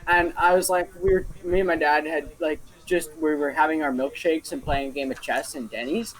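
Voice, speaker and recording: A man's voice: a little high, fairly even intonation, normal speed, fairly bright tone, low-quality recording. A young man casually telling a story on a podcast, rambling and full of fillers. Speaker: podcast co-host.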